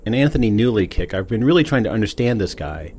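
Relaxed, chatty man with a low voice. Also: quick pace, breathy edge. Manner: relaxed, chatty, self-amused. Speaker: podcast host. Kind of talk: casual rambling monologue.

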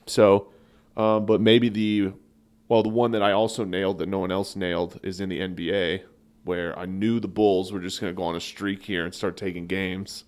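A man co-hosting a comedy sports podcast in a low-pitched voice. He talks casually and tells animated, rambling stories. He often breaks into laughter as he goes. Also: moderate pace, clear, resonant tone. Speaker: podcast co-host.

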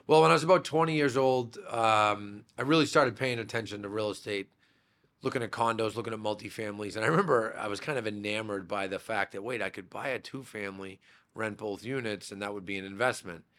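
A man's voice: on the low side, a little fast, fairly bright tone. A man from Massachusetts, a podcast guest, telling rambling childhood stories in a casual interview, with many fillers and restarts. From Massachusetts, USA. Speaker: real estate brokerage owner, podcast guest.

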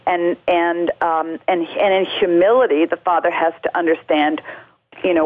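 A woman's voice: on the low side, fairly even intonation, normal speed. A woman speaking as a guest in an interview, giving earnest, reflective answers with many fillers and restarts. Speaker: guest speaking on parenting and faith. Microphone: telephone. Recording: tinny phone line.

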